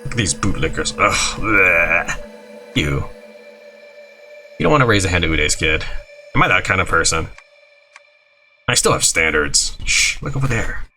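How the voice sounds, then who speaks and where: A man's voice: deep voice, measured pace, pauses often, faint music behind. A man playing a video game and reading its dialogue aloud, jumping between voices and asides. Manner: animated, jumps between character voices and asides. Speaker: gaming YouTuber.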